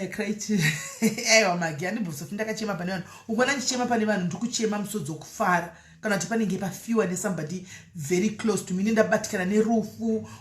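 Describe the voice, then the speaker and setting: A woman chats on a live stream, answering viewer comments and switching easily between Shona and English. Her voice sits at an ordinary middle pitch. The sound carries a noticeable echo, as if she is in a bare room. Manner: chatty, mixes Shona with English, laughs often. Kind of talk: casual live-stream chat, reading comments.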